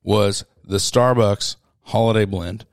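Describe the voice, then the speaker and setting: A man's voice: fairly low pitch, fairly even intonation, takes it slowly, creaky, no room sound, studio quality. A man co-hosting a podcast, chatting casually and teasing, laughing often while reviewing coffees. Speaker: podcast co-host.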